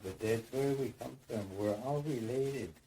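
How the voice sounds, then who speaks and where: A man's voice: mid-range voice, a little slow, dark tone, a little hiss or hum, rough recording. A man telling a dream story in a rambling way, repeating phrases and acting out voices. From United States.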